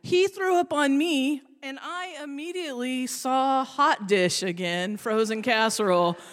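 A woman's voice: high voice, measured pace. A woman telling a comic story on stage, chatty and self-deprecating, with lots of fillers. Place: stage in a hall. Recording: reverberant hall.

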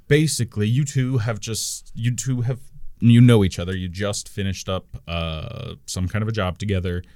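A man, narrating a tabletop game as game master in a relaxed, offhand way. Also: fairly low pitch, smooth, dry recording, clean studio sound. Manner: relaxed, offhand scene-setting.

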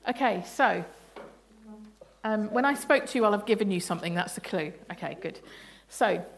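At moderate pace and medium pitch, a woman speaks expressively while leading a family sermon in church. This bible study leader keeps it interactive and playful, laughing as she questions the congregation.

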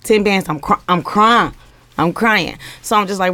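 A woman's voice: medium pitch, moderate pace, pushed and bright, no echo. A woman, animatedly telling a story with quoted dialogue in a casual group chat.

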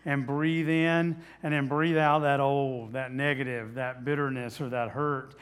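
A man's voice: mid-range voice, level tone, a little slow, smooth. A man preaching a sermon as pastor, in a conversational way with many fillers and restarts, asking the audience questions.

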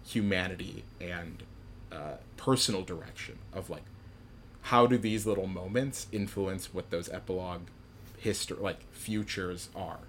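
Young male co-host, low-pitched and chatty, slight room hiss, loose filler-heavy delivery. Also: a little slow, a bit bright. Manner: rambling, many "like" fillers, acts out quotes. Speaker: podcast co-host discussing a film. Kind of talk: casual chat.

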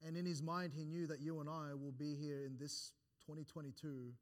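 A pastor with a slightly high, level-toned voice preaches fairly quickly in church. He quotes scripture in archaic wording and builds his points with rising emphasis, often restarting phrases and repeating words between them.

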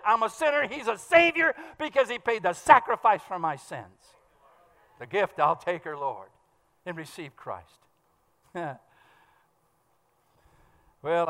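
A man preaching a sermon in a fast, fervent style, pressing his points with bursts of emphasis. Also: high voice, animated, bright, forceful tone. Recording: long hall reverb.

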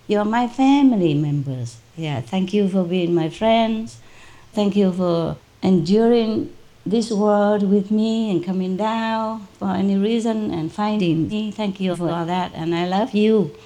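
A woman, a spiritual teacher, telling a story to her disciples in an animated, informal way, laughing often. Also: medium pitch, unhurried.

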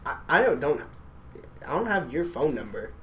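Crude joking young podcast host. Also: male voice, on the high side, sing-song, normal speed, a bit bright. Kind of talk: casual chat.

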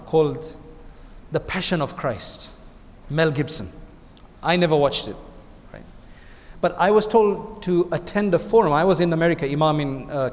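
A man's voice: on the high side, a little mellow, in a large hall. A man, an imam, giving an Islamic lecture in a conversational way, often asking his listeners rhetorical questions.

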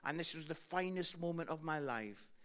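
A Scottish man preaching a sermon, telling funny stories with loud bursts and then dropping to quiet, earnest appeals. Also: a little high, lively intonation, moderate pace, clean tone. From Scotland. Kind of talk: sermon with comic storytelling.

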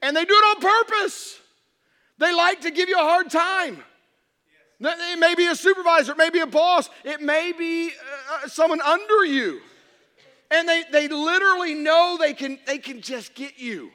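A man preaching a humorous sermon to a congregation, telling stories in an animated way that swings from hushed to shouting. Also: extremely high pitch, normal speed. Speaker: pastor. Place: church hall before an audience. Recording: reverberant hall.

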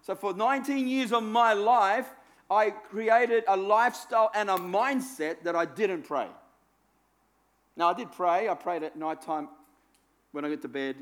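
High-voiced preacher man, conversational. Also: measured pace. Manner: conversational, self-deprecating, with repeated phrases. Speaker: pastor. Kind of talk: sermon.

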